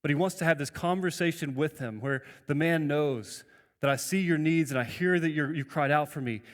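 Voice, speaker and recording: A man's voice: on the high side, moderate pace, long reverb tail. A man preaching a sermon earnestly, with frequent restarts and rhetorical questions to the congregation. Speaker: pastor.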